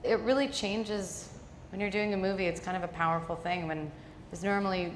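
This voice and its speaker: A woman's voice: fairly low pitch, brisk. A young actress in her twenties answering audience questions casually, rambling and self-deprecating with lots of "like". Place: auditorium with live audience. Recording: echoey hall with reverb and clear noise.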